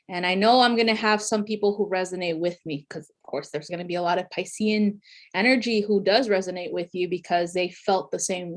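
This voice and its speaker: A woman's voice: fairly low pitch, vocal fry. A woman talking casually to viewers as a tarot reader, chatty, with lots of fillers and frequent laughter.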